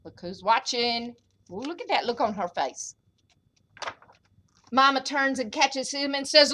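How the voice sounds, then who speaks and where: A woman librarian reading a picture book aloud to children at storytime, expressive and animated. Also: sits high, unhurried, long pauses.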